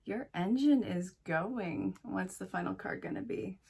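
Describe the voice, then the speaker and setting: A woman's voice: fairly low pitch, huge pitch swings, measured pace, a little mellow, breathy edge. A woman giving a solo tarot reading, speaking directly and encouragingly to the listener, with chatty asides. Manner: chatty asides, talks to spirit. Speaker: tarot reader.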